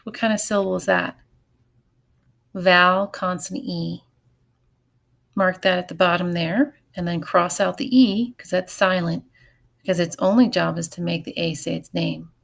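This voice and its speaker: A woman teacher giving a recorded phonics lesson, patient and clear, walking through each step. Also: on the low side.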